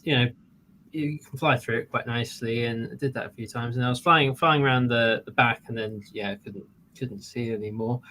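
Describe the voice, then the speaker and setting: A man's voice: medium pitch, a bit bright, rough recording. Guy rambling through a story, um and uh everywhere, bit of hiss behind him. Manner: rambling storyteller with many fillers and restarts. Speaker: podcast co-host. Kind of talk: casual chat.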